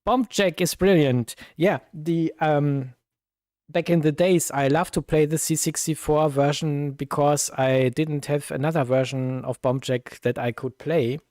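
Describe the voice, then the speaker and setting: A man with a German accent, chatting slowly while he plays old computer games on a live stream, full of fillers and sudden cries at the game. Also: a little high, fairly even intonation, a little mellow, no echo, clean studio sound. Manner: slow, thinking aloud with many fillers, bursts of exclaiming at the game. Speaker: retro gaming streamer. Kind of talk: casual live-stream commentary.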